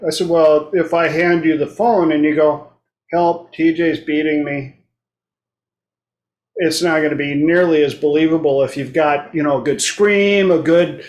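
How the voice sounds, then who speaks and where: This talk show host has a fairly high, somewhat dark voice, heard in a room with noticeable echo. Chatting casually, he shares blunt anecdotes and performs the quoted voices of the people he describes.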